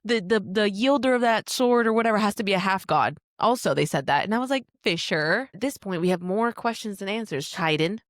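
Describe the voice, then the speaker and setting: Relaxed woman podcast co-host. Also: mid-range voice, brisk, few pauses, dry recording, studio quality. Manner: relaxed, frequent affirming interjections, casual swearing. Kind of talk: casual book discussion.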